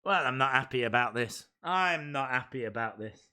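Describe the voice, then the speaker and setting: A man's voice: medium pitch, lively intonation, normal speed, bright, forceful tone. A man hosting a live wrestling reaction stream, chatting with viewers and ranting in mock outrage. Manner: chatty, mock-outraged, reads out chat messages. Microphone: desk microphone.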